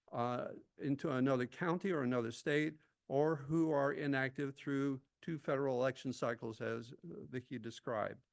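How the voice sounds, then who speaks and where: A man with a gravelly, creaky voice delivers a prepared public comment at a county meeting. He talks intensely and stays mid-pitched throughout, breaking off now and then for a quick aside.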